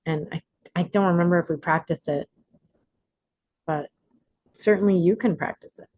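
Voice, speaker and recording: A woman's voice: on the low side, moderate pace, dry recording, lo-fi sound. A woman hosting an online workshop in casual talk, acting out the lines she quotes. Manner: animated, acts out quoted lines in bright voices. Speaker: workshop host and coach.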